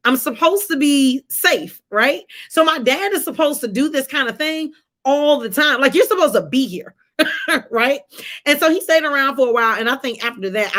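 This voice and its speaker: A woman, telling a personal story on a live stream in a conversational, animated way and talking to viewers as y'all. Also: fairly high pitch. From Atlanta area, US. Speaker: livestream host. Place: home, during a rainstorm.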